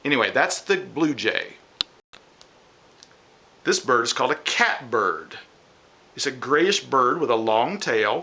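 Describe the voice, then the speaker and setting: A man's voice: mid-range voice, bright, forceful tone. A man teaching children a science lesson, explaining step by step and imitating bird calls.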